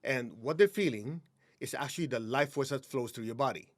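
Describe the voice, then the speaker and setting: Guest healer, male, mid-pitched, calm instructive guide with easy laughs. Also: fairly quick. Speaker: energy healing teacher, guest. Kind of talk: guiding a breathing exercise.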